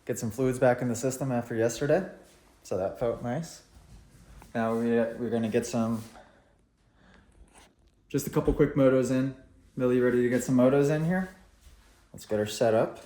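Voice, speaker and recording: A man talking casually in a vlog, coaching a young rider and then musing in a relaxed, reflective way in his backyard. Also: mid-range voice, normal speed, long pauses, low-quality recording. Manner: coaching calls to a child rider; hushed, almost whispering. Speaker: vlogger and motocross coach. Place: outdoors at home, backyard.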